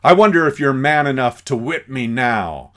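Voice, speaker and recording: A man's voice: mid-range voice, lively intonation, normal speed, a bit bright, close to an everyday voice. A man voicing a desperate, bitter Native man in a dramatic scene retelling, with pleading outbursts.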